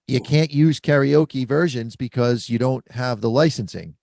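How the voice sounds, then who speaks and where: A man's voice: mid-range voice, normal speed, creaky, hardly any pauses, darkish tone, no echo, clean studio sound. A man hosting a casual podcast chat, explaining things in a confident, practical way. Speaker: podcast host. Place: mobile studio.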